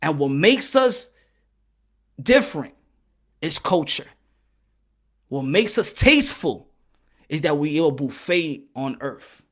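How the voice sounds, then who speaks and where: A man hosting a boxing channel, delivering impassioned, preachy commentary and switching between English and Spanish, rising to shouts when worked up. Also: on the high side, sing-song, slow, long pauses.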